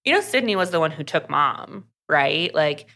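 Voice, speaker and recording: A woman's voice: low-pitched, animated, sharp tone. A woman co-hosting a podcast, chatting casually through a book's plot and acting out the characters' lines. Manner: chatty, fast recap full of "like" and acted quotes. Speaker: podcast co-host. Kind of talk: casual book recap.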